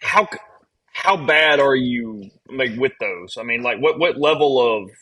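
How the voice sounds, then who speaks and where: A man hosting a casual chat, curious and stammering out quick questions. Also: medium pitch, lively intonation, bright, forceful tone.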